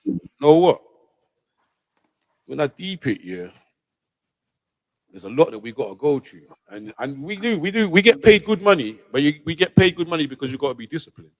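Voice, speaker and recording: A man hosting a livestream, chatting loosely and repeating himself, his loudness rising and falling. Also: a little high, sing-song, normal speed, pauses often, no echo, poor audio. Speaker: livestream host. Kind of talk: casual livestream chat.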